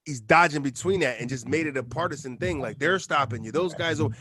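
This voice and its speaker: A man's voice: fairly high pitch, brisk, pushed and bright. A man co-hosting a podcast, riffing in loose, profane casual chat. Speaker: podcast co-host.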